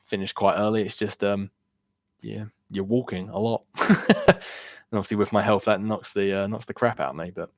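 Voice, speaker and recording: Low-voiced man, rambling stream chat. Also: fairly even intonation, moderate pace, dry recording, studio quality. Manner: rambling, answers viewer chat questions. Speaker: gaming streamer. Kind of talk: casual live-stream chat. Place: home room. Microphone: worn-out desk microphone.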